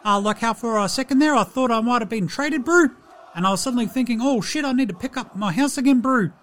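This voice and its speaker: A man's voice: very high-pitched, quick pace, fairly bright tone, pitched above the performer's own voice. A man putting on a laid-back young New Zealand basketball player with an exaggerated New Zealand accent, drawling and tacking "Brew" and "eh" onto every phrase. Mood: chatty.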